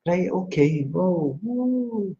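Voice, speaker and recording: A man's voice: high voice, expressive, very slow, noisy background. Chatty man, dull live-stream sound. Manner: chatty, greets viewers by name, laughs often. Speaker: psychic astrologer host. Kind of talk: live-stream chat and card readings.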